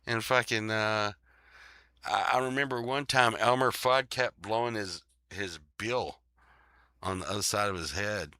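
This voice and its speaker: A man chatting casually as host, rambling and swearing with frequent laughs. His voice is lowish and very bright. He talks unhurriedly, and the sound is dry and close. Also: a little slow, clear, resonant tone, no echo. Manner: rambling, profane, laughs often. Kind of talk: casual chat.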